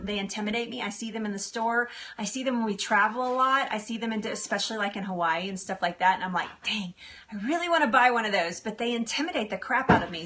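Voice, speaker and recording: A middle-aged woman runs a casual live stream, bubbly and giggly while responding to viewer comments. She speaks at a medium pitch with a sharp tone.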